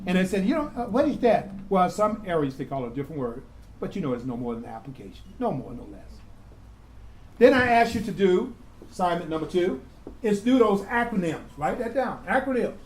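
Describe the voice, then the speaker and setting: A man's voice: high voice, sing-song, brisk, a little hiss or hum, rough recording. A man teaching a grant-writing class, quizzing students with call-and-response questions and repeating key words. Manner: asks the class "what?" and answers himself, repeats key words. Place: community classroom.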